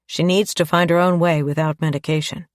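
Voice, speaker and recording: A woman voicing a calm, gentle man who works with children, in an audiobook. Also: deep voice, fairly quick, no room sound, studio quality, lightly acted. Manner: gentle, even.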